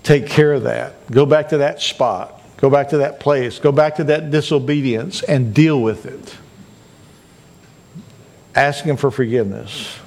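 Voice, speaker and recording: A man's voice: medium pitch, a little slow, vocal fry, a little mellow. A male pastor preaching a sermon, earnest and repeating his points to urge listeners. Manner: earnest, repetitive exhortation.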